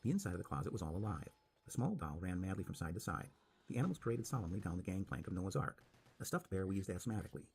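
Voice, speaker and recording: Gravelly, expressive male storyteller. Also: low voice. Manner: dramatic, expressive reading. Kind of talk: scripted story narration.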